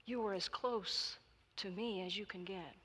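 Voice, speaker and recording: A woman preacher voicing God in a read-aloud parable, slow and soft-spoken, in a hall with long reverb. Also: medium pitch, husky. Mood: serene. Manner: slow, soft, hushed delivery. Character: calm gentle God, patient and puzzled.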